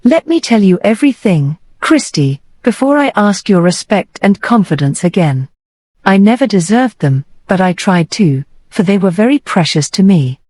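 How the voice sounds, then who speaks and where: A woman's voice: medium pitch, very animated, moderate pace, a little mellow, dry recording. A woman voicing an earnest young man, a grieving brother, in an audiobook, speaking with urgent emotion.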